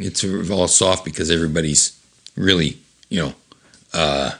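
A man rambling through a story about his old comic, halting often with fillers. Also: sits low, fairly even intonation, a bit bright, husky.

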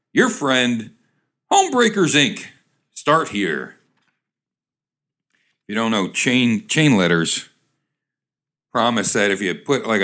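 A man reads old jokes aloud and rambles through descriptions of cartoons, stopping often with uh and restarts. His pitch swings in a lively way, with a wry, easygoing delivery. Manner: halting, lots of uh and restarts, wry. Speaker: host reading jokes aloud. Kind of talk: casual reading and rambling description.

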